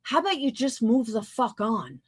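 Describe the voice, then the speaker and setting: A woman's voice: on the high side, big pitch swings, moderate pace, breathy edge. A woman hosting a livestream, talking back in a blunt, sarcastic and profane way. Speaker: livestream host. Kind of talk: casual livestream commentary.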